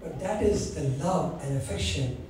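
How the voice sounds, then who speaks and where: A man telling anecdotes to an audience, animated and acting out the dialogue. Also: a little high, normal speed, a little hiss or hum. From India. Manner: animated, acts out quoted dialogue, laughs at his own stories. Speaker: values speaker. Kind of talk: anecdotal storytelling talk. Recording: very echoey hall, distant mic.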